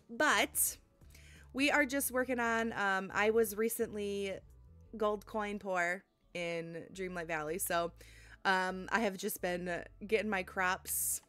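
A woman streamer chatting casually with her live audience, bubbly and giggly, thanking viewers warmly. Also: mid-range voice, takes it slowly. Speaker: game streamer. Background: faint lo-fi music.

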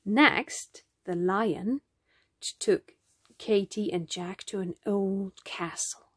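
A woman reading a children's picture book aloud in a gentle, expressive storytelling manner. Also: mid-range voice, takes it slowly, husky, dry recording, clean studio sound. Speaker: storybook reader.

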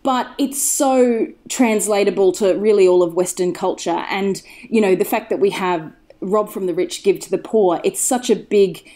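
Mellow-voiced woman chatting enthusiastically. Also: medium pitch, moderate pace, hardly any pauses. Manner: enthusiastic, digressive storyteller. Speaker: podcast guest. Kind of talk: casual chat.

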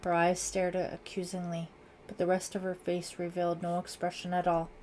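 A woman narrating a thriller audiobook in a measured, dramatic reading. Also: fairly low pitch, completely flat delivery, a little mellow, slight background noise.

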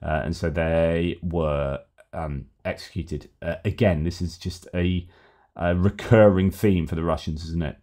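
A middle-aged man hosting news commentary, talking in an animated, argumentative way. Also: deep voice, unhurried.

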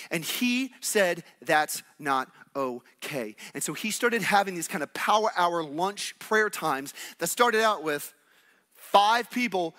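A man preaching a sermon to a congregation in a lively, conversational way, calling on the listeners to repeat words and breaking into exclamations and laughter. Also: high-pitched. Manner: energetic, conversational, call-and-response with the congregation. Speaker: pastor.

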